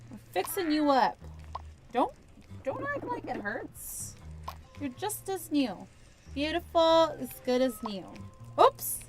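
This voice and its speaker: A woman's voice: high voice, big pitch swings, slow pace, long pauses, faint music behind. A young woman hosting a gaming video, chatting bubbly to the cats in a VR game as she plays. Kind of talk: playing a VR game with commentary.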